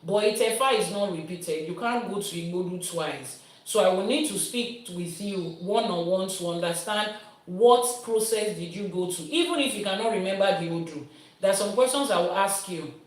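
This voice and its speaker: A woman's voice: medium pitch, moderate pace. Woman teaching in an echoey room. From Nigeria. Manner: explains with everyday comparisons, lively teacherly delivery. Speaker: Ifa priestess and teacher. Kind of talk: teaching and answering viewer questions. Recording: roomy sound from a distant mic.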